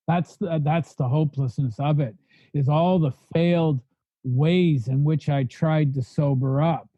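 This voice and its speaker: A man's voice: on the high side, steady tone, a little slow, dark tone, no echo, dull audio. A man telling his recovery story in a podcast interview, blunt and fiery, speaking in long spoken lists. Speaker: guest sharing recovery story.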